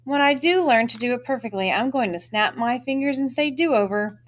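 A woman reading a children's chapter book aloud, with expressive storytelling and lively lifts in her voice. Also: high-pitched, fairly quick, a little hiss or hum.

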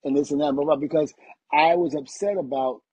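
A man's voice: a little high, fairly quick, husky, no echo, lo-fi sound. A middle-aged man, a retired wrestler, chatting as a podcast guest and acting out quotes as he tells stories. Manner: animated storytelling, acts out quotes. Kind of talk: casual interview chat.

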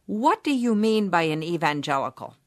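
Low-voiced woman interviewer, dry. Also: very animated, normal speed, no echo. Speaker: interviewer, host. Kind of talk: interview questions.

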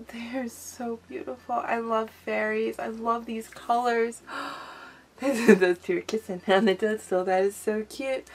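A woman hosting a craft unboxing vlog, talking in a soft, gushing, effusive way. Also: on the high side, a little hiss or hum. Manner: gushing, effusive, frequent gasps and laughs. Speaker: craft channel host.

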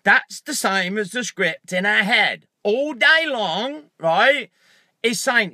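Animated man vlogging from his car. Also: extremely high pitch, a little slow, no room sound. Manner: animated storyteller, acts out his own angry thoughts with loud outbursts and swearing. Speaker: motivational vlogger. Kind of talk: casual vlog, talking to camera. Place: inside a parked car. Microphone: handheld phone camera.

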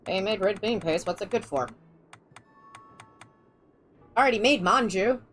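A woman's voice: mid-range voice, measured pace, fairly bright tone, a little hiss or hum. A woman streaming a video game live, chatting casually with her viewers in a playful, theatrical way. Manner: playful, theatrical spooky greetings.

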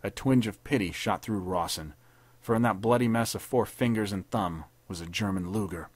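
Low-voiced man reading pulp fiction. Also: moderate pace, no room sound. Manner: steady dramatic reading. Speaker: podcast narrator. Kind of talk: scripted narration of a pulp story.

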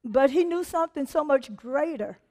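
High-voiced woman preaching conversationally. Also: moderate pace. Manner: animated, conversational preaching with laughter and acted-out quotes. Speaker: preacher and teacher. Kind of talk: sermon.

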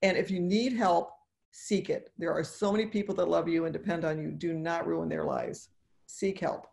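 A woman's voice: on the low side, steady tone, moderate pace, vocal fry, a little mellow. A woman in her sixties, a dentist and speaker, talking earnestly in a podcast interview, encouraging and repeating phrases for emphasis. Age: 60s.

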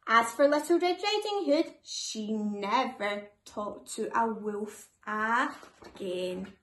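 Slow, expressive woman storyteller. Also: on the high side. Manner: lively, expressive read-aloud. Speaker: storyteller for children. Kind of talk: children's story reading. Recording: echoey room.

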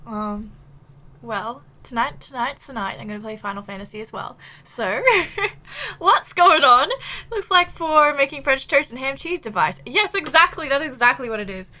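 A bubbly woman streamer chats casually with her viewers, giggling often and filling gaps with ums. Her voice sits a little high and sounds bright, and she is slightly out of breath. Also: expressive, normal speed. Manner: bubbly, giggly, chatty with many fillers. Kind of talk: casual live-stream chat.

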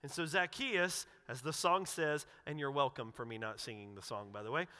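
A male pastor giving a casual, animated sermon. He acts out the quotes and often restarts his sentences. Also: medium pitch, moderate pace, long reverb tail. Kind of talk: conversational sermon. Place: church sanctuary.

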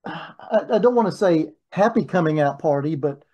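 An interviewer asking gentle, encouraging questions in a casual chat. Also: mid-range voice, animated, measured pace, dull audio.

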